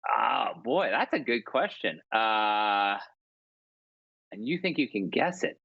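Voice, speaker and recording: A man's voice: lowish voice, very animated, slow, gravelly, no room sound, highs cut off. A man in his forties, a columnist telling stories as a podcast guest, chatty and self-deprecating with frequent restarts. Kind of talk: casual storytelling interview.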